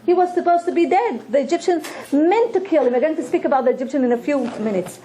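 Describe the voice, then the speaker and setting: High-voiced woman teaching Torah. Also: expressive, dark tone, low-quality recording. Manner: slow, earnest explaining with restarts and repetitions. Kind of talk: religious lesson with storytelling.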